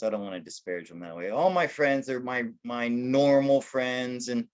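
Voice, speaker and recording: Rambling man telling his life story. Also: mid-range voice. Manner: rambling, with many restarts and self-corrections; self-deprecating, laughing at himself. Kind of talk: casual storytelling in an interview.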